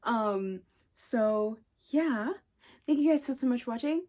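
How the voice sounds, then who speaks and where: A young woman chatting excitedly in a casual vlog, gushing, gasping and dropping into whispers. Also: on the high side, measured pace. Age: young adult. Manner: gushing, excitable, repeats herself, gasps and whispers. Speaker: booktuber.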